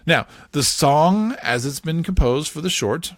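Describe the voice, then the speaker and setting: A man hosting a casual podcast, talking in a playful, animated way and laughing often. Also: a little high, a little slow, no room sound, studio quality. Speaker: podcast host.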